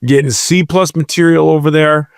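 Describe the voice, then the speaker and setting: A man's voice: a little high, fairly even intonation, moderate pace, gravelly, dry recording, studio quality. A man co-hosting a casual comedic podcast, rambling and playful as he makes jokes and plugs the show. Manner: joking, rambling, playful asides. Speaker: podcast co-host.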